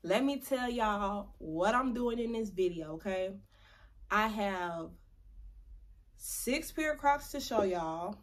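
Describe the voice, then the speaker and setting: A woman's voice: mid-range voice, animated, slow pace. A young adult woman chatting to camera in a casual vlog, playful and chatty, drawing out words for emphasis. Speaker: vlogger.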